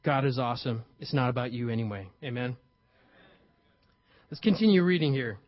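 A man preaching a sermon to a live congregation in a conversational way, often checking in with his listeners and building to loud, emphatic peaks. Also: medium pitch, expressive, normal speed. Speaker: pastor. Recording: dull lo-fi recording.

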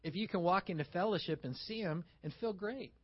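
Male pastor, high-pitched and animated, preaching a sermon on a dull, muffled recording. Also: a little fast, slightly rough. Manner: animated preaching, acting out little dialogues.

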